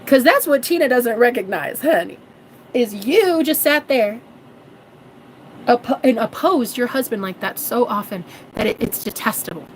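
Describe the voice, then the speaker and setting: A manifestation coach in her thirties delivers a casual vlog monologue in an expressive, somewhat high voice at normal speed. She's sassy and preachy, calls viewers "girl" and "honey," and swears freely. The audio is poor, with slight background noise.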